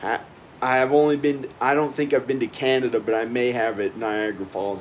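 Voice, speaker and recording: Man, casual vlog, rambling and repetitive, average pitch, loud background hum. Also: fairly even intonation, fairly quick, poor audio. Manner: rambling, repeats himself, talks to the viewer. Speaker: vlogger. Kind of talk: casual rambling monologue to camera. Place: at home indoors.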